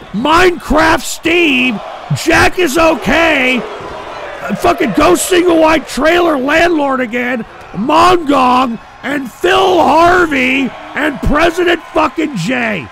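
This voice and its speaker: A man hosting a live stream, ranting in a profane, exasperated way and shouting often. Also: very high voice, expressive, slow, creaky, a little hiss or hum. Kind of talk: live-stream commentary rant. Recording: stream with loud music and crowd behind.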